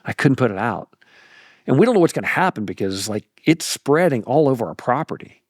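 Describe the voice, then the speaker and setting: A middle-aged pastor telling a personal story in a folksy, animated way on a podcast. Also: male voice, medium pitch, a little fast, no echo, studio quality. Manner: animated, folksy, laughs through anecdotes. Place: podcast studio.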